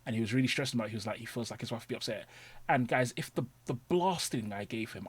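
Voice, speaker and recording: Fast-talking man in a podcast chat. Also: mid-range voice, a little hiss or hum. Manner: animated, reenacts his own rants. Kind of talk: casual chat.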